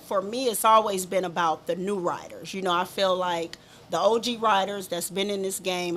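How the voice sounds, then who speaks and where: A woman's voice: mid-range voice, fairly bright tone, a little hiss or hum. A woman from Compton giving a candid interview about riding, talking emphatically and repeating her points. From Compton, California. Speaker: motorcycle rider, interview guest. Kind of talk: casual interview chat.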